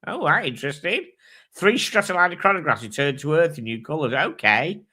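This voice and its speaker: A man hosting a casual live chat with a bright, forceful voice. He thinks aloud, swears freely and reads specs and prices in an easy, offhand way. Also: medium pitch, sing-song, moderate pace. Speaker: host.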